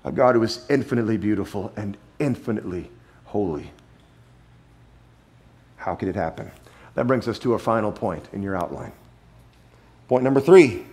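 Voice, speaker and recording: A man preaching a sermon, emphatic, repeating key phrases and swinging between loud declarations and hushed asides. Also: fairly low pitch, lively intonation, normal speed, pauses often. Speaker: pastor.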